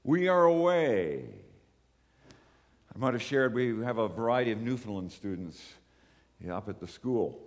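A man's voice: medium pitch, darkish tone. A man preaching a sermon as pastor, earnest and repeating words for emphasis, his voice swelling and dropping. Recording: long echo of a large hall.

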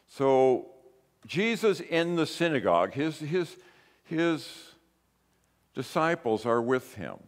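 Guy preaching in church, chatty then punchy, big echoey hall. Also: mid-range voice. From grew up in a Pentecostal church. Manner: conversational preaching, rising to emphatic bursts. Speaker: pastor. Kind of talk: sermon. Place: church sanctuary. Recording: long hall reverb.

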